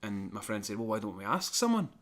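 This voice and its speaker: A man co-hosting a podcast, telling a long personal anecdote in an animated, chatty way and chuckling now and then. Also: fairly low pitch, fast talker. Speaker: podcast co-host. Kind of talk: casual storytelling.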